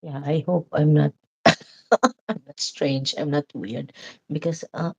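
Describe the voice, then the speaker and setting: A woman's voice: sits low, steady tone, slow, gravelly, slightly rough, highs cut off. A woman vlogger chatting casually, laughing as she talks and often restarting her sentences. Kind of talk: casual chat.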